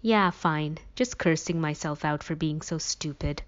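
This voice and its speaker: A woman's voice: sits low, measured pace, clear, resonant tone. A woman voicing an injured teenage boy with a sarcastic, self-mocking manner. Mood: weary. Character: injured teenage boy, wry and dry-witted. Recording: dull lo-fi recording.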